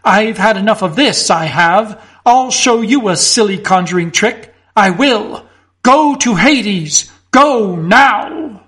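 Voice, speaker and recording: A man reading as a nervous young clerk, awkward and apologetic, fumbling for words. The voice is high. It comes from a storybook reading. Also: animated, unhurried, a bit bright, heavily acted. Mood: fierce.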